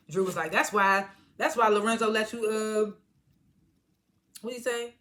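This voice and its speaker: Lady recapping her show, bright sharp voice, acts out the lines and laughs, swears a bunch. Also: medium pitch, steady tone, moderate pace, pauses often. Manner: retells scenes by quoting characters, laughs often; casual slangy talk with frequent swearing. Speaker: TV episode reviewer. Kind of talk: casual episode recap.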